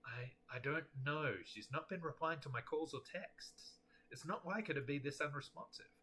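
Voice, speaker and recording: A man's voice: fairly high pitch, moderate pace, pushed and bright, slight background noise. A man voicing a polite, earnest husband who pleads and frets. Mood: distraught.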